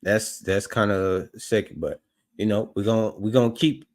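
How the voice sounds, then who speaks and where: A man's voice: on the low side, fairly even intonation, normal speed, a little mellow. A man commenting on footage, doubtful and repeating himself as he questions a story. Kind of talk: skeptical commentary.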